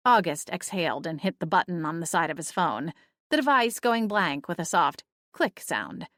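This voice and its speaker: A woman's voice: lowish voice, big pitch swings, normal speed, fairly bright tone, dry recording. Woman narrating an audiobook, dry close sound. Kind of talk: scripted first-person narration.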